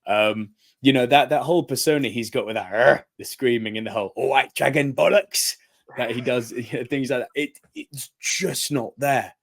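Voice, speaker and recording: An energetic man in a casual podcast chat. He tells his story with animation, slips into the voices of the people he quotes, and laughs often as he talks. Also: mid-range voice, normal speed. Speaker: podcast co-host.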